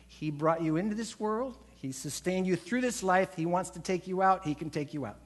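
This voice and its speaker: A pastor in a church, preaching with a fairly high, ringing man's voice. He drives his points home with emphasis and acts out the voices he quotes. He leads the congregation in call-and-response. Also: moderate pace, few pauses. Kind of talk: sermon. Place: church sanctuary.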